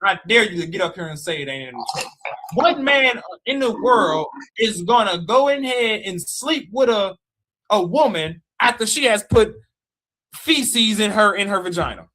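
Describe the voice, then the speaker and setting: A man's voice: high voice, animated, normal speed, sharp tone. A man in a heated livestream rant, mocking and challenging, repeating his dares. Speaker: live stream guest debater. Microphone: live stream call mic.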